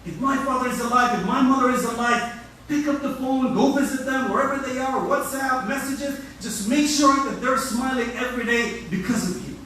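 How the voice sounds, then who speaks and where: Man, imam, sermon, high voice, rapid, conversational, echoey hall, far from mic. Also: slight background noise. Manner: energetic, conversational preaching with repetitions.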